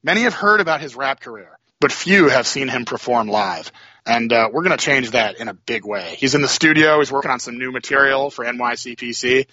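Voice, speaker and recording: A man's voice: medium pitch, fairly quick, pushed and bright, muffled recording. A man, a tournament organizer giving upbeat promotional hype in casual chat.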